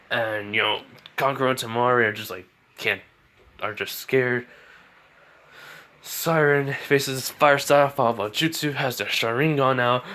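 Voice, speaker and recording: A man's voice: medium pitch, bright, forceful tone. A man casually telling a homemade fan story, rambling and chuckling as he goes.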